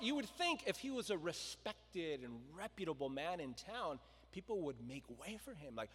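A man preaching a sermon, telling the story with lively voices for the crowd and stopping to ask his listeners questions. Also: on the high side, a little fast, few pauses. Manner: animated storytelling, acting out the crowd and quotes. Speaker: pastor. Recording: long reverb of a large hall.

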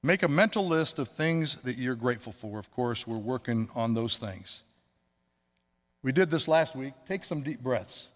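A male pastor delivers a sermon in a loose, conversational way, tossing asides to the congregation. His voice sits at an ordinary middle pitch. It rings out with a long reverb from the church sanctuary around him. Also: animated, moderate pace.

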